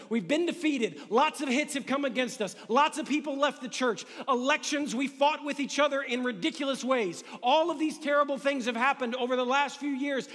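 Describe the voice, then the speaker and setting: Male pastor, very high voice, lively chatty preaching, long hall reverb. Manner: energetic conversational preaching with humor. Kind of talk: sermon.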